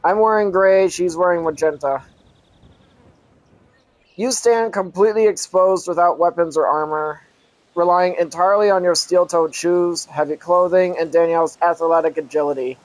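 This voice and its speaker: High-voiced man reading a story aloud. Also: fairly even intonation, no room sound, rough recording. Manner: halting reading with frequent self-corrections and restarts. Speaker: channel host. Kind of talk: reading an adventure story aloud with casual asides.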